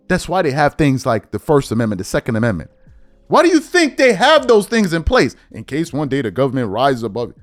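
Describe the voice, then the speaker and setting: Guy ranting on his commentary show, high voice, swings all over, dry close mic, bit of music behind. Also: big pitch swings, a little fast, dry recording. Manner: emphatic, slangy, mocking impressions. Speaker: commentary host. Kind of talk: opinion commentary.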